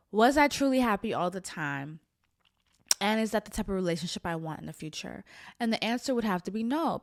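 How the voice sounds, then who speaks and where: A woman with a mid-range voice hosts a podcast, speaking candidly and reflectively to camera with lots of "like" fillers. She is tearful at times, and the recording is dry, with clean studio sound.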